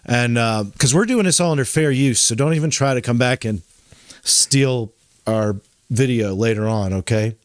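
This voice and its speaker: Male podcast host, casual chat, mid-pitched voice, rambling and restarting, dry close mic. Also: normal speed, no echo. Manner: rambling, with frequent restarts and self-corrections.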